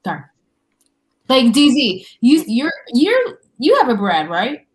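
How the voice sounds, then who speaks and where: A woman's voice: a little high, wildly swooping pitch, takes it slowly. A woman talking frankly in a casual group discussion over a video call, swearing freely. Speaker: panelist.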